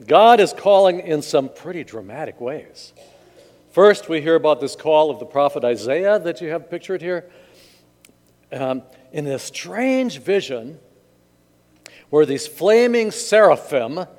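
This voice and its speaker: A male pastor reads scripture and then preaches in a relaxed, joking way. His voice sits a little high. The sound rings out with a long church reverb. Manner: conversational, joking. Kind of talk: sermon. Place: church sanctuary.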